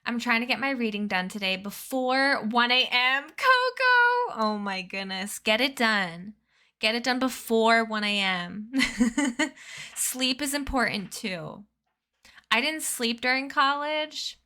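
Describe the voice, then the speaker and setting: A woman's voice: fairly high pitch, slow, bright, forceful tone. A young woman in her twenties chatting casually with her stream chat, bubbly and giggly, sleepy. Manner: bubbly, giggly, reads chat names aloud. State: sleepy, yawning. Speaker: streamer reading a book aloud.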